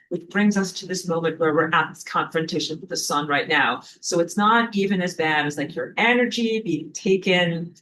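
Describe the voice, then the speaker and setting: A woman's voice: lowish voice, normal speed, hardly any pauses, fairly bright tone. A woman giving a casual, dramatic spiritual lesson, stopping now and then to find her place. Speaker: spiritual teacher.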